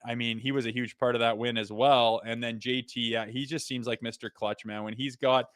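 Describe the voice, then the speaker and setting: A man co-hosting a casual hockey podcast, talking excitedly and rambling with lots of "like" as he breaks down plays. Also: medium pitch, a little fast, clean tone, no room sound, clean studio sound. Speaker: co-host; father. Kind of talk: casual sports podcast chat.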